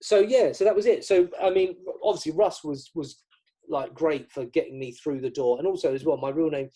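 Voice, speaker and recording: A middle-aged British man, appearing as a magician guest in an interview, speaks a little high and fairly quick with a warm tone. He chats casually and acts out the quoted dialogue in his stories.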